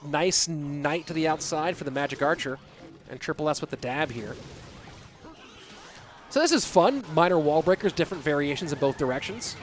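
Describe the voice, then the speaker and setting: A man's voice: a little high, expressive, normal speed. Chatty male esports caster with music behind. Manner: chatty, rambling, talks straight to viewers. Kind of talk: solo live-stream commentary and chat reading. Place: home office.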